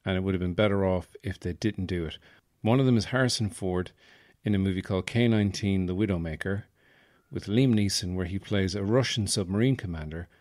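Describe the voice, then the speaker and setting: A man's voice: sits low, brisk, a little mellow, dry recording, studio quality. A man hosting a podcast in rambling, jokey casual chat. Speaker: podcast host.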